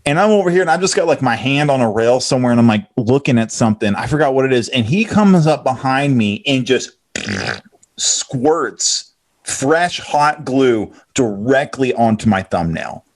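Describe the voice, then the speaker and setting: A man's voice: medium pitch, lively intonation, moderate pace. A man guest casually telling a story about a prank from his training days. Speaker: guest technician.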